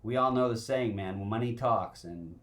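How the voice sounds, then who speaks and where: A man's voice: on the low side, moderate pace, fairly bright tone. A man co-hosting a talk show, chatting casually and laughing often. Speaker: co-host.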